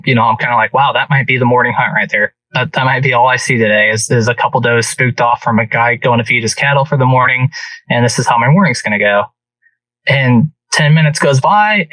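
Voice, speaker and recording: Man, animated storyteller, bright voice, dry sound a bit off-mic. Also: mid-range voice, dry recording, far from the mic, low-quality recording. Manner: animated hunting story with many restarts. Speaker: podcast guest. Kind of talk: casual storytelling.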